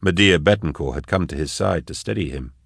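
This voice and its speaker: A man narrating an audiobook in an even, measured delivery. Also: deep voice, gravelly, slightly rough, no room sound, clean studio sound. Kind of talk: scripted narration.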